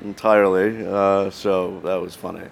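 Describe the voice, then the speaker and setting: A man with a deep voice, a guest telling stories in a halting, self-deprecating way. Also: little pitch movement, creaky, slight background noise. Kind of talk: casual chat.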